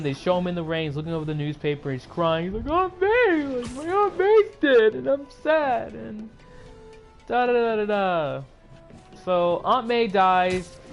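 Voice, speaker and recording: Male YouTuber, somewhat high-pitched, rambling excitable recap style. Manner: rambling, excitable, many fillers and restarts. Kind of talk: casual movie recap.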